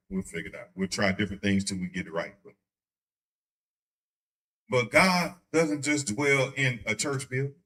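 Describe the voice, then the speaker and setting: Man preaching in a church, playful and animated, bright tone, pitched a little high. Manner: joking, animated, acts out quick voices. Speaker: pastor teaching Bible study. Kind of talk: conversational sermon. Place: church sanctuary.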